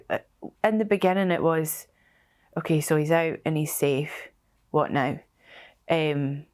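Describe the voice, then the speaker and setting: A young woman telling her story as a bereaved mother, halting and emotional, with many restarts. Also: sits low, darkish tone. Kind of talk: personal testimony.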